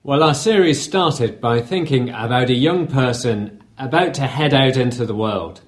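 Male preacher, casual storytelling sermon, uh fillers. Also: mid-range voice.

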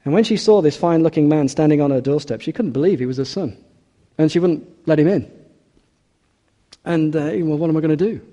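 A man preaching a sermon, earnest and emphatic, slowing and dropping his voice on key phrases. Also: on the high side, dark tone. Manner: earnest, emphatic, slows and drops on key words.

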